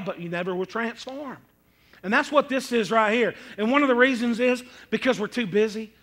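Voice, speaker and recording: A male pastor delivers a folksy sermon in a church sanctuary. His voice sits high for a man and rings bright and forceful. He keeps it lively with bursts of shouting and playful asides to the congregation. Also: fairly quick. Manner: folksy, animated preaching with sudden shouts and asides.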